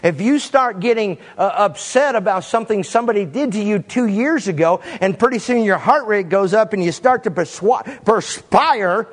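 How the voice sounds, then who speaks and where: A man preaching a sermon in an animated way, with sudden swings in pitch and pace. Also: normal speed, few pauses, big-room sound.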